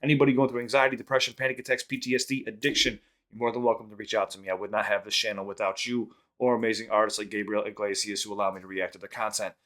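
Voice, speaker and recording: A man hosting a reaction channel, rambling through a story and quick sign-off plugs in casual chat. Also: fairly low pitch, little pitch movement, fairly bright tone.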